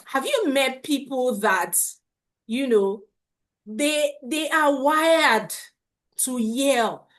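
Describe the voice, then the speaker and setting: A middle-aged woman leads a live parenting webinar at a slow, unhurried pace. Her voice sits a little high, and she circles back over her points, often asking viewers to confirm in the chat. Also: fairly bright tone. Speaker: parenting coach.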